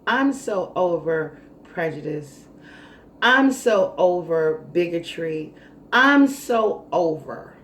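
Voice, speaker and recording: A woman vlogger telling a story in a casual monologue, animated, dramatic and sassy. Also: fairly low pitch. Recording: roomy echo, faint noise.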